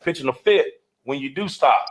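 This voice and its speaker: A man's voice: a little high, lively intonation, normal speed. A man co-hosting a casual podcast chat, a motorcycle club member explaining in a laid-back way, checking in often with his listener. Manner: laid-back, explaining with repeated "you know what I mean".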